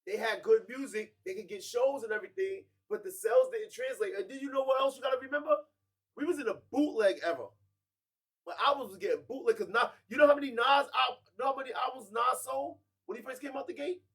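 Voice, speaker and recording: A man's voice: very high voice, fast, a bit bright, breathy edge. A man co-hosting a hip hop debate podcast, cutting in to push back and argue his point with insistence. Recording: voice sits far from the mic.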